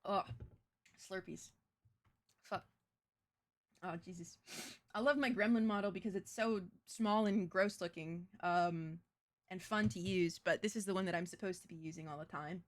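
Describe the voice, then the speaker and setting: A woman's voice: fairly low pitch, normal speed, pauses often. A young adult woman streaming as a VTuber, chatting casually in a crude, blunt, self-mocking way. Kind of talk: casual live-stream chat.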